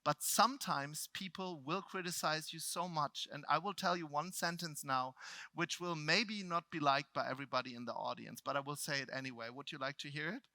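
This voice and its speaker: A middle-aged man from Germany with a German accent, telling a personal story to a live seminar audience. He swings between loud outbursts and quiet reflection. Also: on the high side, a little fast, dry recording. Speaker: motivational speaker.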